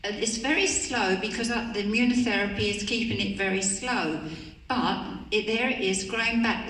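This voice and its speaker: A woman's voice: on the high side, a little slow, a bit bright, distant mic, a little hiss or hum. An older woman giving an earnest, pleading personal speech to a conference audience. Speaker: conference speaker. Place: conference hall. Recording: roomy hall recorded from afar.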